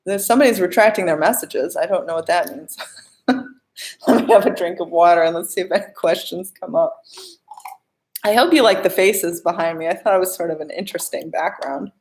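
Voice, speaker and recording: A woman's voice: lowish voice, fairly quick, a little mellow. A young adult woman, a life coach, chatting casually on a live stream as she answers viewer questions.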